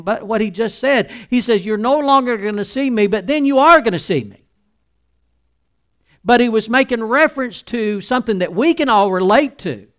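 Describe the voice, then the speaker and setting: A man's voice: sits high, a bit bright. A male pastor preaching a sermon, reading scripture aloud and explaining it with earnest restarts.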